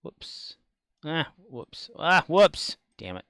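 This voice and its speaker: A man's voice: fairly high pitch, big pitch swings, takes it slowly, gravelly, a bit bright, no echo. A man casually chatting on a live game stream, muttering to himself and humming along.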